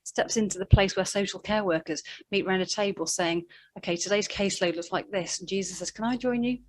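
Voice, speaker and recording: Woman preaching with lively storytelling. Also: mid-range voice, brisk. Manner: animated storytelling, acting out quoted voices. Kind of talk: sermon.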